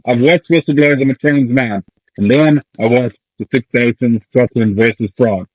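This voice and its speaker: A man co-hosting a podcast, in casual chat, ranting in an animated, jokey way and swearing now and then. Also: mid-range voice, moderate pace, no room sound, muffled recording. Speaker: podcast co-host.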